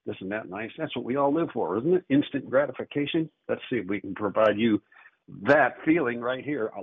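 A man hosting a call-in radio show as an auctioneer, with brisk, salesy patter. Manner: salesy, rapid pitch with repeated phone number. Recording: husky voice over a tinny phone-like radio line.

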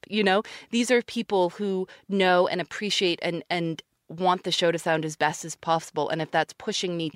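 A woman's voice: on the low side, no room sound, studio quality. A woman expressively telling a funny anecdote about recording, exasperated and laughing. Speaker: podcast host, interviewee. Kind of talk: storytelling anecdote.

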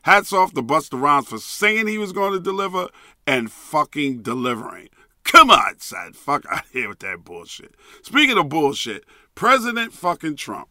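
Man, podcast host, profane emphatic rant, catchphrase repeated, fairly high voice, forceful tone. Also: sing-song, normal speed, no room sound, clean studio sound.

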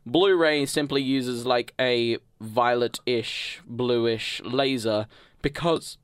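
A man's voice: medium pitch, fairly even intonation, clear, resonant tone, no room sound, studio quality. A young man, co-hosting a radio show in casual, goofy, rambling banter. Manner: goofy, rambling, quick bursts of speech. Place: small radio studio.

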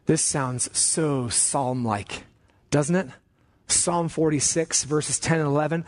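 A man preaching a sermon as pastor, emphatic, slowing down and rising on key commands. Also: on the high side, fairly even intonation.

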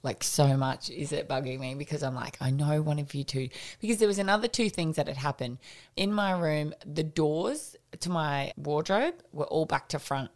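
A middle-aged woman, co-hosting a podcast and telling an animated anecdote in casual chat. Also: sits low, normal speed. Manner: animated anecdote telling, acts out quoted voices. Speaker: podcast co-host.

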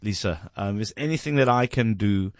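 Emotional South African radio host. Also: male voice, lowish voice, a little fast, no echo, studio quality. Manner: emotional, warm thanks, laughing. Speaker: radio talk show host. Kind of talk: casual on-air chat with callers.

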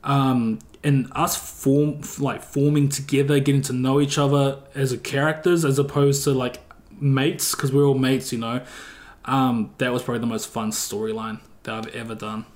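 A young man with a West Auckland New Zealand accent talks easily as a podcast guest. His delivery is loose and rambling, padded with filler words, at a middling pitch. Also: level tone, normal speed. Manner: laid-back, rambling, heavy use of filler "like". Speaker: guest streamer. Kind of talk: casual podcast chat.

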